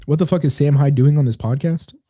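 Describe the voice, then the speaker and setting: A man's voice: fairly high pitch, brisk, dark tone, breathy edge, no room sound, studio quality. A man co-hosting a casual comedy podcast, rambling and sarcastic as he reads comments aloud. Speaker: podcast co-host.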